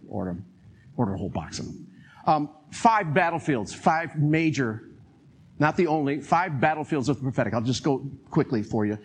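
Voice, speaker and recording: An older man preaching a sermon in an animated way, acting out quotes and chuckling as he talks. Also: mid-range voice, breathy edge.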